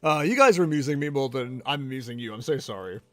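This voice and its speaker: A man's voice: mid-range voice, animated, quick pace, no echo, soft background music. A man casually chatting to his stream from home, teasing his viewers with playful mock outrage. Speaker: livestream tournament commentator.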